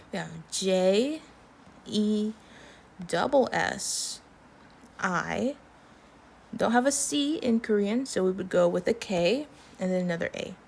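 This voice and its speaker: A woman's voice: mid-range voice, vocal fry. A woman with an American accent teaching a language lesson, patiently explaining and repeating example words.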